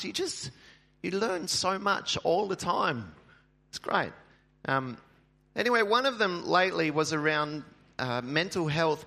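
Male pastor, slightly high bright voice, chatty sermon with jokes and ums, church setting. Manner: chatty, joking, many filler ums.

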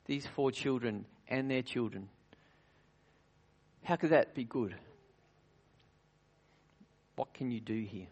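A man's voice: mid-range voice, takes it slowly, long pauses, husky. Earnest man preaching a communion sermon. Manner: earnest, varies loudness widely, drops to near-whisper at times; frequent restarts and rhetorical questions. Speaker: pastor.

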